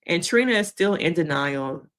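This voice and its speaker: A woman therapist giving a casual, animated recap of a reality show episode, acting out quotes and laughing along the way. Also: lowish voice, moderate pace.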